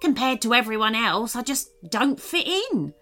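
A woman's voice: fairly high pitch, animated, normal speed, a bit bright, faint music behind. A woman voicing a tall, shy male garden gnome who feels out of place. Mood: gentle.

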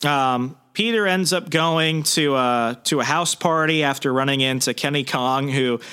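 A man's voice: mid-range voice, a little slow, pushed and bright, clear, resonant tone. A man in a casual recap discussion who retells scenes with animation and quotes characters in voices.

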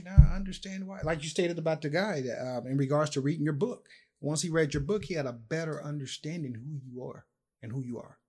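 Husky, fast-talking man giving advice. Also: on the high side. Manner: earnest, advice-giving, colloquial. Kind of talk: casual conversation.

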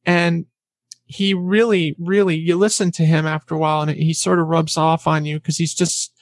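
A woman guest in a casual interview, telling quick anecdotes with a trained, deliberately raised voice and acting out what others said. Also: low voice, little pitch movement, no room sound. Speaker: interview guest, former announcer and vocal coach.

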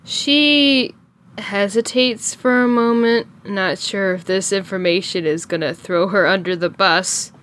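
Woman, tabletop player, in-character speech, slow, hesitant. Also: mid-range voice, steady tone, a bit bright, slight background noise. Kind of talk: in-character tabletop role-play.

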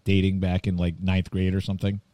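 A man's voice: low-pitched, monotone, fairly quick, warm tone, slight background noise. A man in his thirties hosting a podcast, chatting casually and teasing his co-hosts. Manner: teasing, joking. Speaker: podcast host. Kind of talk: casual chat.

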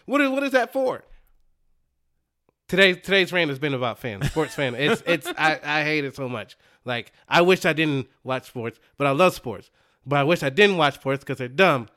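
High, bright-voiced man ranting. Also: smooth. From Dallas, Texas. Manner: animated, emphatic ranting with laughter. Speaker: podcast co-host. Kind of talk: ranting casual chat.

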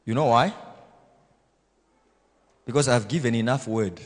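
A man pastor preaching a blunt, self-assured sermon, swinging between loud exhortation and quiet asides. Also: mid-range voice, measured pace, long reverb tail. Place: church hall.

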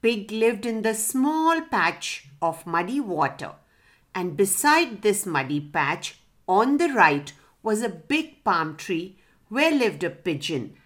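Slow, expressive woman telling a children's story. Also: mid-range voice.

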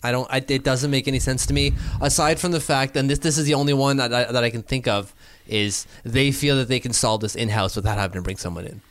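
A man co-hosting a casual sports podcast, animated and quick to laugh, thinking out loud as he talks. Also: mid-range voice, dry recording. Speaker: podcast co-host.

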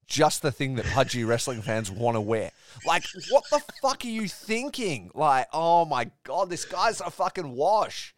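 A man's voice: on the high side, sing-song, a little slow, few pauses. A man co-hosting a podcast, ranting animatedly and swearing in casual chat. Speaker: podcast co-host.

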